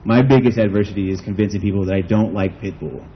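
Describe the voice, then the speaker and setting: A man's voice: lowish voice, fast talker, highs cut off, a crowd in the background. A man from the United States doing a stand-up comedy set at an outdoor backyard show, rambling and self-deprecating, saying "like" a lot.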